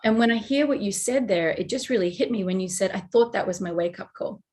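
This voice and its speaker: A woman's voice: mid-range voice, quick pace, a little hiss or hum. Effusive woman podcast host. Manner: warm, effusive and reflective. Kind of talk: conversational interview.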